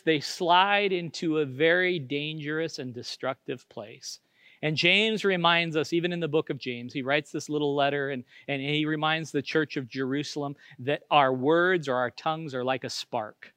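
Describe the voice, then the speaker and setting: High-voiced earnest male preacher. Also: measured pace, clean tone, dry recording. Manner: earnest, swings from loud emphasis to hushed near-whispers. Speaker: pastor. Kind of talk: sermon.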